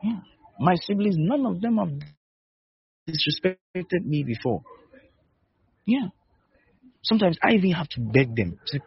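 A pastor preaches a sermon in a husky, fairly high voice with lively intonation, speaking a little slowly and pausing often. He repeats short, emphatic exhortations and asks rhetorical questions, checking whether his listeners are listening. The recording is dry, dull and lo-fi.

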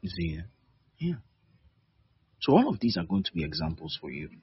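A man's voice: deep voice, wildly swooping pitch, brisk, gravelly, slightly rough, dry recording, highs cut off. A man preaching a sermon as pastor, conversational and teasing, laughing between points.

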